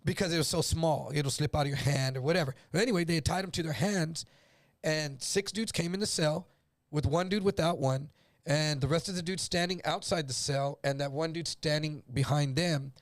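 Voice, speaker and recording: A man's voice: fairly high pitch, moderate pace, dry recording, clean studio sound. A man from El Paso telling a story as a guest, acting out other people's voices and swearing freely. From El Paso, Texas. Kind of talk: casual storytelling on a livestream.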